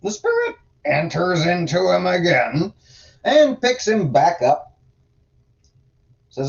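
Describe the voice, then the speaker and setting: A man's voice: sits high, huge pitch swings, takes it slowly, vocal fry, long pauses, far from the mic, lo-fi sound. A man hosting a livestream, reading scripture aloud and adding sarcastic, profane commentary in a drawling manner.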